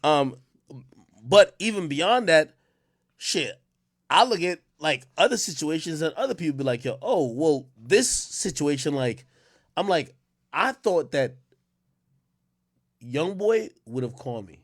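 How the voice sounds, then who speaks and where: A man hosting a casual livestream, telling stories in a rambling, animated way with many fillers. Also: a little high, a little slow, long pauses. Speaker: livestream host.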